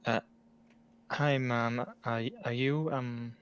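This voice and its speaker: A man voicing a hesitant young German man who speaks English with a German-tinged British accent and halting, filler-heavy speech. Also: mid-range voice, fairly even intonation, smooth, muffled recording, lightly acted.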